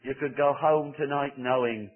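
A man's voice: medium pitch, steady tone, normal speed. A man preaching an evangelistic sermon, pleading fervently with repeated appeals. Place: church service. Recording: tinny phone-like recording.

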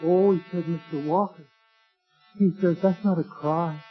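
A man's voice: on the high side, steady tone, unhurried, clean tone, faint music behind. A man preaching an impassioned sermon, rising to wailing cries and stretching out his words. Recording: tinny phone-like old recording.

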